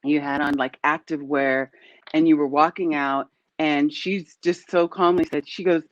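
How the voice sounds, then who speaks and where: A middle-aged woman hosting an interview, chatty and animated as she tells a story over a video call. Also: low voice, measured pace. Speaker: host. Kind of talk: casual interview chat. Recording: dry, dull lo-fi call audio.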